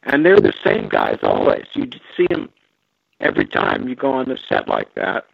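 A man, a guest on an interview show, recalling stories slowly with many fillers and restarts. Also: medium pitch, very animated, creaky, husky, no room sound. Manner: slow, halting, with frequent fillers and restarts. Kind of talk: relaxed storytelling over a phone line. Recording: tinny phone line, dry.

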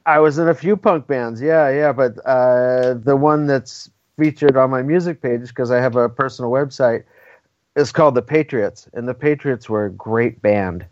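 A man's voice: medium pitch, normal speed, a little mellow, no room sound. Emphatic man on a dull, dry recording. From California. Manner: emphatic and opinionated, often ends points with "right?". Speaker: interview guest. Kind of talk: casual conversational interview.

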